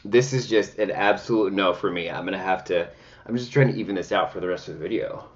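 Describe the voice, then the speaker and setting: A man's voice: sits low, quick pace, dull audio. A man talking chattily and dramatically at home while he reviews makeup, full of sassy exclamations. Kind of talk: casual makeup review vlog.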